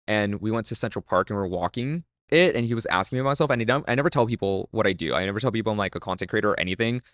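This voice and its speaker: A young man chatting on a podcast, his words tumbling out fast and loaded with fillers. His voice sits a little low. The sound is dry and close. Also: expressive, fairly bright tone, dry recording. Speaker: podcast guest, content creator. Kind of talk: casual chat.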